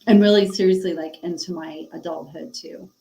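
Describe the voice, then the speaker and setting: A woman's voice: fairly low pitch, fairly even intonation, fairly quick, warm tone, slight background noise. Frank middle-aged woman telling her story, roomy. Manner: emotional, frank, with many fillers and quoted dialogue. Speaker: podcast guest. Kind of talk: candid personal storytelling.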